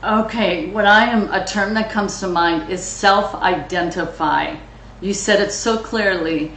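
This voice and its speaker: A woman's voice: mid-range voice, a little slow, fairly bright tone, slight background noise. Frank motivational woman host, echoey room. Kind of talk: coaching talk.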